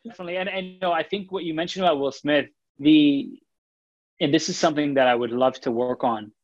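Male podcast co-host, casual and animated, slightly dull lo-fi sound. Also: fairly high pitch, fast. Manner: animated, restarts phrases, reads listener comments.

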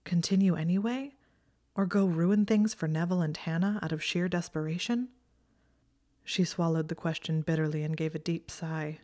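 Low-voiced woman reading a story. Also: steady tone, normal speed, darkish tone. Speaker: narrator. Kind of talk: audiobook narration of fan fiction.

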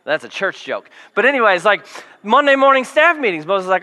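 A man preaching a sermon to a congregation, telling the story in a lively, jokey way and acting out the quotes. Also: high-pitched, normal speed, big-room sound. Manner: animated, jokey storytelling with acted quotes and yelled lines. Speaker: pastor.

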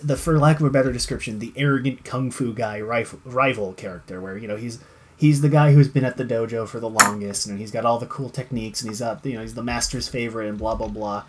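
A co-host chats casually about a TV show, rambling along with lots of fillers and restarts and the occasional swear word. His mid-range voice moves fast, and there's a little hiss or hum in the audio.

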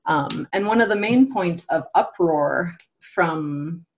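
A woman's voice: on the low side, expressive, slow. A young woman talking through a topic in casual conversation, thoughtful and hesitant, with many fillers and restarts.

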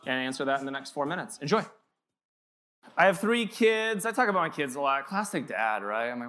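A man's voice: a little high, big pitch swings, fairly quick, sharp tone. A man in his thirties, a pastor telling joking, casual stories in a sermon at a church. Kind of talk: conversational sermon. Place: church sanctuary.

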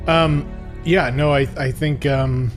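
A man's voice: on the high side, steady tone, slow, soft background music. Joking man co-hosting a film podcast. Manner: joking, argumentative, swears. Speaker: podcast co-host. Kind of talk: casual film podcast chat.

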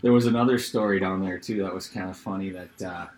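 A middle-aged man and former hockey player, telling a story in casual chat, animated and laughing as he goes. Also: deep voice, fast talker.

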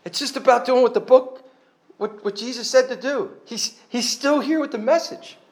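A man's voice: very high voice, moderate pace. A man giving a personal testimony to a church congregation, earnest and conversational, with self-mocking humor and a rambling way of restarting his sentences.

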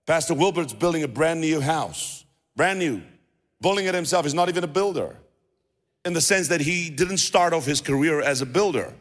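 A man's voice: fairly high pitch, animated, moderate pace. A man with a South African accent preaching a sermon, talking in a casual way and repeating himself as he goes. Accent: South African English. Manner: conversational preaching with restarts and repeated phrases. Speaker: pastor. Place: church hall. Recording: long reverb of a church hall.

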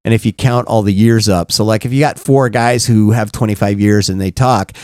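A middle-aged man co-hosting a podcast, telling candid, profane stories in a casual, animated way. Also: lowish voice, brisk, no echo, clean studio sound. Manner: blunt, profane, animated, frequent "right?". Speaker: podcast co-host.

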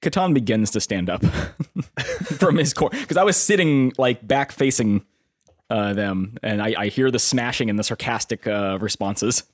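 A man's voice: mid-range voice, lively intonation, unhurried, no room sound, studio quality. A man playing in a tabletop game, joking and laughing. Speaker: player.

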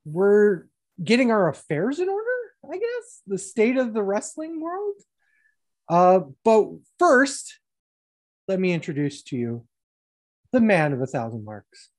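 Lively-voiced woman hosting with crude banter. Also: mid-range voice, measured pace. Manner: profane, teasing banter. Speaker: podcast host. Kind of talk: casual wrestling podcast chat.

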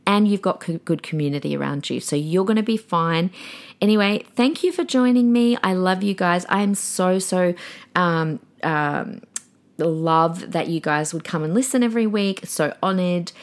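Female podcast host, thirties, lower voice, warm pep-talk delivery, chatty with restarts. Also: moderate pace. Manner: encouraging, chatty, lively with small restarts.

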